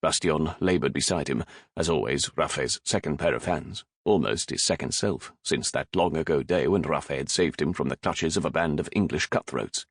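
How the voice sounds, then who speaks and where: A man narrates an audiobook in a measured, dramatic style. His voice is very deep and the sound is close and dry, with no room around it. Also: husky, no echo. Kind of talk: scripted narration.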